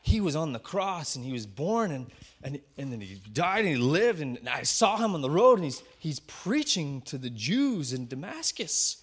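A pastor doing a blunt, zealous convert. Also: male voice, on the high side, big pitch swings, normal speed, slightly rough. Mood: insistent. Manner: insistent, preachy. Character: zealous young male convert, blunt and insistent.

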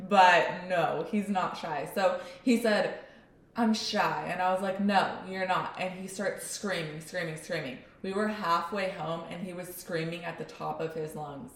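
Young mom chatting on a podcast, lively storyteller, kinda low voice, roomy echo. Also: female voice, a little slow. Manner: animated storyteller, acts out her son's whiny voice. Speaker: podcast co-host. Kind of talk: casual chat.

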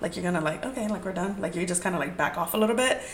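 Racing along in a lowish voice with lively intonation, a young woman hosts a podcast of casual stories. She tells dating tales candidly and profanely, rambling and peppering them with "like."

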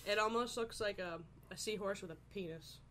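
A woman in casual chat, cracking crude jokes with quick comebacks. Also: mid-range voice, a bit bright, a little hiss or hum.

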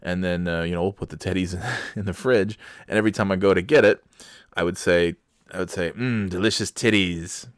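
A man telling a family story in a casual, animated way, with laughs and quick restarts. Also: low-pitched, clean tone, dry recording, clean studio sound.

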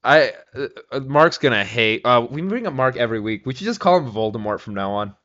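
Brief: tipsy man, mid-pitched, profane teasing banter, muffled lo-fi recording. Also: lively intonation, a little fast, fairly bright tone. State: tipsy from tequila. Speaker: podcast co-host. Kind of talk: casual chat.

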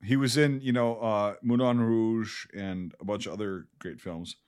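A man's voice: fairly low pitch, fairly even intonation, unhurried, a little mellow, clear, resonant tone. Blunt, profane American man. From United States. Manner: blunt, profane, laid-back. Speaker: podcast co-host. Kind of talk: casual chat.

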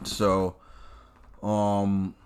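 A man's voice: fairly low pitch, monotone, drawn-out words, a little hiss or hum. A man hosting his own show, ranting bluntly and swearing constantly, recorded in a car. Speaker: podcast host. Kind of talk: profane ranting commentary.

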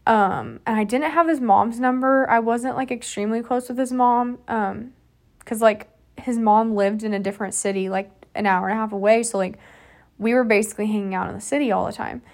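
A woman in her twenties hosting a podcast, telling a personal story in a soft, halting way with many fillers. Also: a little high. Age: 20s. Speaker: podcast host.

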